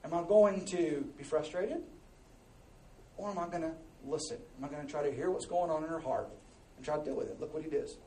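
A high-voiced man preaching a sermon, animated and conversational, dropping into quiet asides and then pushing out loud exhortations. He is heard from a distance in an echoey church hall with faint ambience behind him. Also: fairly quick, slight background noise. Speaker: pastor.

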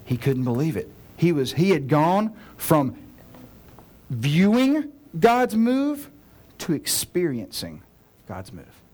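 A man preaching a sermon as a pastor, earnest and direct, swinging between loud urgent pleading and hushed, slow emphasis. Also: a little high, very animated. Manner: earnest, direct address to listeners.

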